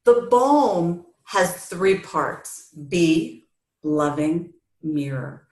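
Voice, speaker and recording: Animated middle-aged woman coach, roomy sound. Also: lowish voice, extremely slow. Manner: animated, acts out quoted voices. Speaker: family recovery coach, guest. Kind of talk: storytelling interview answer.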